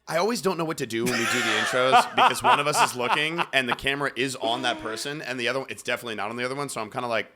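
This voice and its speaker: A man's voice: medium pitch, lively intonation, very fast, few pauses, sharp tone. A young man from Virginia, co-hosting a podcast in casual chat, rambling loosely with filler words and frequent chuckles. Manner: rambling and laughing, loose filler-heavy talk. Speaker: podcast co-host.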